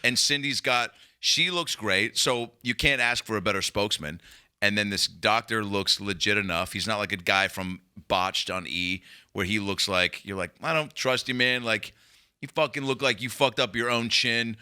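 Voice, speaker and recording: A man hosting a podcast, his mid-pitched voice sounds very bright and forward. He banters loosely and swears freely, reacting quickly to his guest's stories. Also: clear, resonant tone. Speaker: podcast host. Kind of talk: casual podcast chat.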